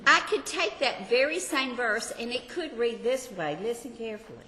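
Older woman, Sunday school teacher, bright forceful voice, chatty homey asides, reverberant hall, faint room ambience. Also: on the high side, animated, moderate pace, a little hiss or hum. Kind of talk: Bible study teaching to a class.

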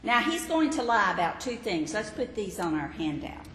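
A woman Bible teacher giving a teaching sermon in an emphatic, expressive way. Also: medium pitch, moderate pace. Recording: echoey hall, faint background noise.

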